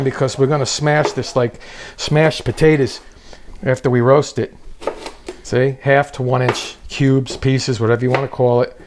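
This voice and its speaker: A man hosts a comedic cooking demonstration in his kitchen, cracking jokes and teasing his viewers along the way. His medium-pitched voice holds a level tone at normal speed, with background noise present.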